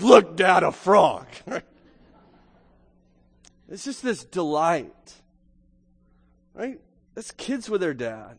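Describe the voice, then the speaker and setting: A middle-aged man preaching a sermon in a church, talking conversationally, often repeating words and asking "right?". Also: high voice. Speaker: pastor. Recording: long hall reverb.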